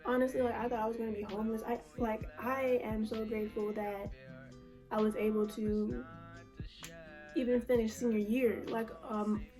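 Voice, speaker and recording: A woman's voice: a little high, little pitch movement, moderate pace, mellow, soft background music. A young woman vlogger telling a personal story in a casual, emotional, slangy way with lots of fillers. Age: young adult.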